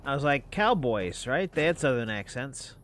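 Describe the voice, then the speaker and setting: A man's voice: medium pitch, big pitch swings, normal speed, a bit bright, a little hiss or hum. A man streaming a video game, talking through it in casual commentary with wry, muttered asides to himself.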